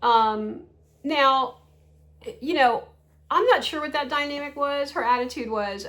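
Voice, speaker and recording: A woman in her sixties talks to the camera in a loose, rambling chat, her voice sitting a little high for a woman. She keeps breaking into small laughs and asking rhetorical questions. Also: expressive, unhurried, pauses often, a bit bright. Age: 60s. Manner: chatty, rambling, with frequent laughs and rhetorical asides. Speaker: vlogger. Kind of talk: casual talking-to-camera chat.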